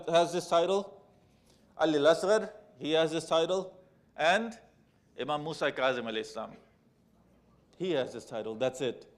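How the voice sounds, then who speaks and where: A man with a slightly high voice speaks at a majlis, giving a Muharram sermon. Addressing the audience as brothers and sisters, he retells a sacred story and acts out its quoted lines.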